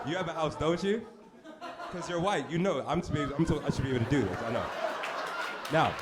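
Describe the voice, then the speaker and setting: A man performing a brash stand-up comedy set on a club stage, with deadpan shock delivery and asides to the crowd. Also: mid-range voice. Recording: noisy live club recording. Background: audience laughter.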